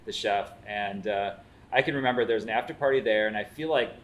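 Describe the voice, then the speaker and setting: A man's voice: on the low side, fast talker. A man, hosting a food show and telling stories in casual chat, acting out the quotes as he goes. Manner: animated storyteller, acts out quotes.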